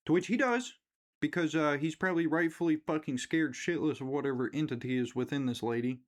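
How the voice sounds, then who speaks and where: Profane man ranting about a film. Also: a little high. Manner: rambling and profane, mimics characters in quick asides. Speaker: movie reviewer. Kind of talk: profane casual movie rant.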